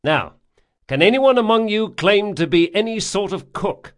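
Audiobook: male narrator as brisk, commanding pirate captain; lively, pushed up in pitch and volume. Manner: brisk, commanding orders to a crew. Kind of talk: audiobook character voice.

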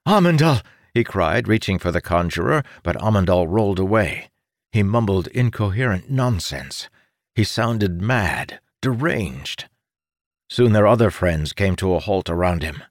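Male audiobook narrator, low register, dry close sound, dramatic fantasy reading. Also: animated, a little slow, no room sound. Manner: dramatic reading, voicing characters' shouts.

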